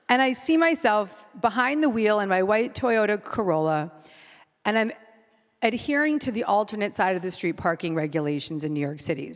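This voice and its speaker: A woman in her forties, her mid-pitched voice carrying through the long reverb of a live hall. She hosts the session and tells a personal story to the audience in vivid present tense. She keeps circling back and repeating key phrases. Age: 40s. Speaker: host.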